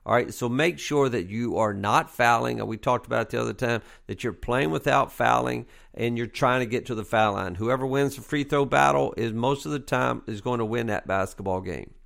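A man's voice: mid-range voice, brisk, gravelly, hardly any pauses, a bit bright. A middle-aged man, a basketball coach and podcast host, talking through coaching tips in a conversational way, repeating key points with emphasis and plenty of fillers. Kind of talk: casual coaching tips monologue.

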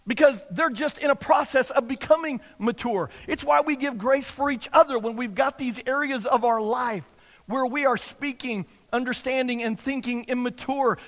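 A man's voice: extremely high pitch, fairly bright tone, in a large hall. A man preaching a sermon as pastor, emphatic and repetitive, sometimes acting out the people he quotes.

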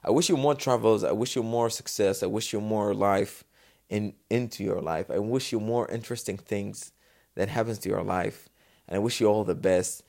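A man from Dubai hosting a solo podcast, talking off the cuff in a casual, animated way and acting out the voices in his stories. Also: lowish voice, normal speed, creaky. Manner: casual, animated storytelling, acts out quotes. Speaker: podcast host. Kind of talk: unscripted solo podcast talk.

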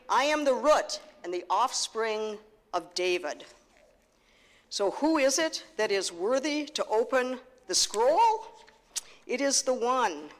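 A woman pastor preaching a sermon, slow and earnest, driving points home with repetition. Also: fairly high pitch. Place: church sanctuary. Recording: long reverb of a church hall.

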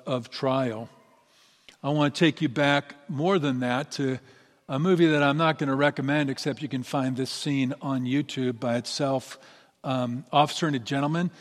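A middle-aged man preaching a sermon as pastor, earnest and building to emphatic peaks. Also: mid-range voice. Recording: long reverb of a large hall.

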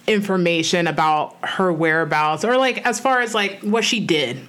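A woman co-hosting a podcast, speaking in an earnest, reflective way in a slightly low voice. She keeps it loose and conversational, leaning on "like" and "you know" as she thinks aloud. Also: moderate pace, a bit bright. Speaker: podcast co-host. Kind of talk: casual conversational chat.

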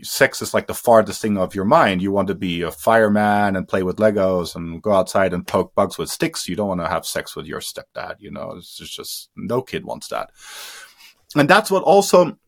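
A man who grew up in India, a guest in an interview giving personal testimony, speaking haltingly with many fillers and restarts and trailing off quietly. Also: low voice, expressive, creaky. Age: adult.

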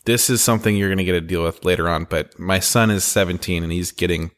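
A man's voice: low voice, fairly even intonation, quick pace, a bit bright. A man in his forties co-hosting a podcast, telling family stories in a candid, rambling way. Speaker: podcast co-host. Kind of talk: casual storytelling chat.

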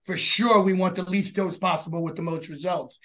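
A man co-hosting a podcast, speaking in a measured way with frequent murmurs of agreement. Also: high voice, steady tone, sharp tone. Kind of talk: casual podcast conversation.

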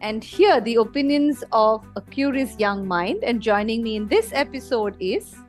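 Podcast host, woman with a fairly high voice, chatty and eager, soft music underneath. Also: lively intonation, normal speed. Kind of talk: casual chat.

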